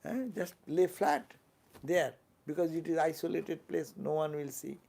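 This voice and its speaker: A man's voice: on the high side, fairly even intonation, vocal fry, a little mellow. An older man, a monk with an Indian English accent, giving a fervent sermon and often asking his listeners questions. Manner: fervent, asks the listeners questions, quick tag-questions. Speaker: monk giving a spiritual talk.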